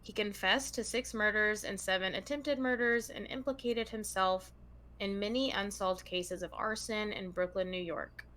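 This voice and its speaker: A woman hosting a true crime podcast, her voice bright and forward. She reads long passages aloud in an easygoing, conversational way. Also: mid-range voice, fairly even intonation, moderate pace. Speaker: podcast co-host.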